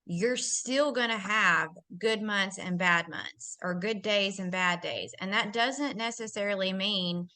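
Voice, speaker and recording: Bright, encouraging woman leading a team meeting, driving her points home by repeating them. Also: medium pitch, a little slow, few pauses. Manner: encouraging, repetitive emphasis.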